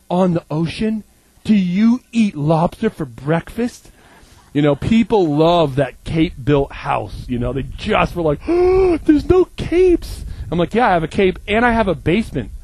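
A middle-aged man from Maine delivers a sermon with a slightly high voice, full of jokes and stories. He acts out the people he quotes. The sound is dry and close. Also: a little mellow, no echo, poor audio. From Maine, USA. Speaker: pastor.

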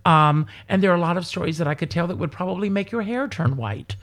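Animated man telling stories. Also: high-pitched, fast talker. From South Carolina. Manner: animated, rambling storyteller. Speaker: stage performer and guest. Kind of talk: casual interview chat.

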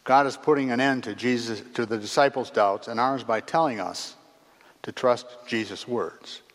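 A man preaching a sermon in a measured, earnest way, pausing between phrases and letting his voice drop at the ends of sentences. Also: medium pitch. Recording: long reverb of a large hall.

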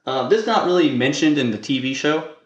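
A man's voice: fairly high pitch, lively intonation, quick pace, reverberant, lo-fi sound. A man co-hosting a podcast in casual banter, joking around, laughing often and swearing casually. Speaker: podcast co-host.

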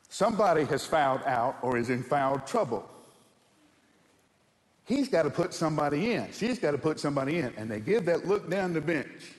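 A male pastor delivers a sermon in a church sanctuary, his voice sitting a bit higher than most men's. He tells stories in an animated way and keeps throwing rhetorical questions at the congregation. A long reverb from the large hall trails after his words. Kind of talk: sermon with humorous anecdotes.

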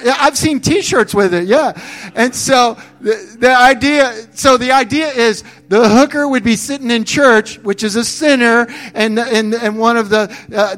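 A male pastor preaching a sermon, animated, acting out quoted voices and restarting his phrases often. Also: very high-pitched.

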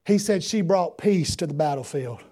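A man preaching a sermon as pastor. He swings between loud shouted preaching and quieter storytelling. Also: fairly high pitch, expressive, moderate pace. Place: church.

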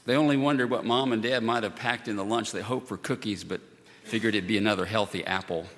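A male pastor preaching in a measured, solemn way, driving his points home through repetition. His voice sits on the low side but comes across bright and sharp. A long reverb trails behind him through the church. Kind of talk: sermon. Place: church sanctuary.

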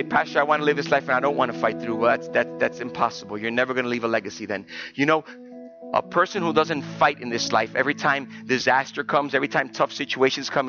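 A pastor preaching a sermon in church, moving between quiet talk and loud, emotional preaching. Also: male voice, on the high side, muffled recording.

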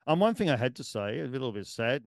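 Rambling Australian bloke on a sports podcast. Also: male voice, medium pitch, big pitch swings, quick pace, gravelly, no room sound, studio quality. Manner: rambling, chuckling, trails off mid-thought. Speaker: podcast co-host. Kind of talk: casual sports chat.

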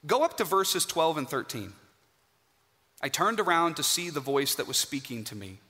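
A man preaching a sermon in a church, emphatic and dramatic, with pauses for effect. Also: a little high, very animated, sharp tone. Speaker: guest preacher. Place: church sanctuary. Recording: hall reverb.

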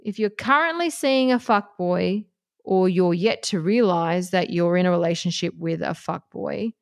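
A woman talking bluntly and passionately as she gives relationship advice, swearing freely along the way. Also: mid-range voice. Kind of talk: casual advice monologue.

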